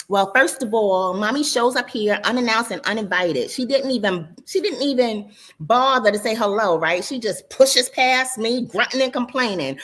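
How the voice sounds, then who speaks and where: A woman narrating her own story as an audiobook in an animated, dramatic and sassy manner. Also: a little high, moderate pace.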